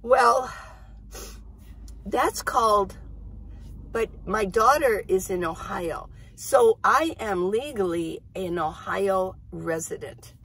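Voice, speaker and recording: A woman's voice: medium pitch, expressive, slow pace, a bit bright, husky, poor audio. A middle-aged woman hosting a casual, rambling coffee-chat vlog from her minivan. She laughs often as she talks. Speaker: vlogger. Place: inside a minivan.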